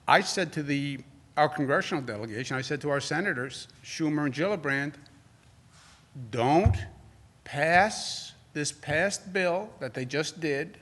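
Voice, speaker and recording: A forceful man in his sixties with a New York accent takes reporters' questions at a briefing. His voice sits a little high for a man, and he keeps hammering the same points with rising emphasis. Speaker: governor at press briefing. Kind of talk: press conference answers.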